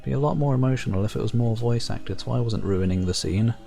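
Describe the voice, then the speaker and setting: A man's voice: medium pitch, fast, creaky, dark tone, soft background music. A man streaming a first-time game playthrough, making dry, wry asides between reading the dialogue. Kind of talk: live game playthrough commentary.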